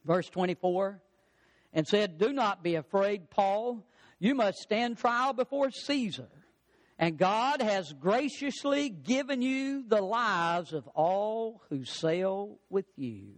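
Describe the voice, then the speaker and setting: High-voiced preaching man. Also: expressive. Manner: preaching with rising, emphatic repetitions; slows and stretches key phrases. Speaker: pastor. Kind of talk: sermon.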